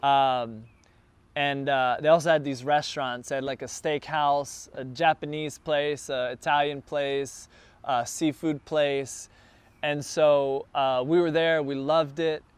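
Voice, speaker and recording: A man who is a church planter, telling a casual, animated story to a group gathered in a backyard. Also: fairly high pitch, slow, smooth, no echo. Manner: animated, builds excitement as the story goes on. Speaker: church planter addressing his launch team.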